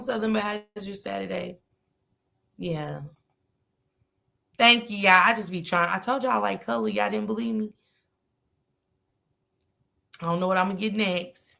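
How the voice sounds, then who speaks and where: A woman's voice: medium pitch, creaky, fairly bright tone. A woman hosting a casual livestream, chatting and greeting viewers by name in a slangy, chatty manner. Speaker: livestream host.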